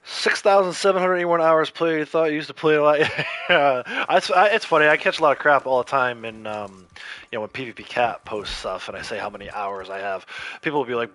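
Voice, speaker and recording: A man's voice: on the high side, fairly quick, a bit bright, no room sound. A man hosting a casual gaming livestream, rambling and laid-back as he chats with viewers, his throat a bit scratchy from coughing. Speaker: livestream host.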